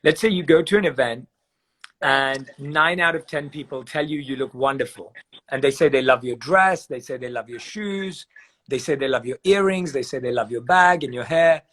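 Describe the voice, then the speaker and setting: A man on a live video call giving measured advice, walking through examples step by step and repeating phrases for emphasis. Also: mid-range voice, a bit bright. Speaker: guest speaker on meditation. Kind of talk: calm explanatory advice on a live video chat.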